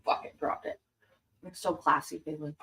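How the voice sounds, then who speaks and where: A woman's voice: low-pitched, steady tone, moderate pace, creaky, fairly bright tone, slight background noise. A woman hosting a casual livestream, chatting and giggling as she tastes candy and savors it aloud. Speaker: livestream host reacting to court videos. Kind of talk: casual livestream chat while tasting candy.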